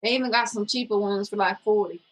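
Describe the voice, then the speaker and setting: Woman co-host, casual and blunt, middle pitch, reads comments out in a flat run. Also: fast talker, low-quality recording. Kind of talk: casual chat, reading viewer comments.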